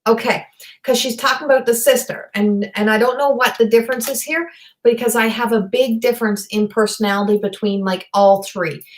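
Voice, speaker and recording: A woman giving a live online psychic reading. She talks in a halting, rambling way, full of fillers and restarts, and passes on messages in a direct, earnest manner. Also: a little high, steady tone. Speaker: psychic medium. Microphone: video call or webcam.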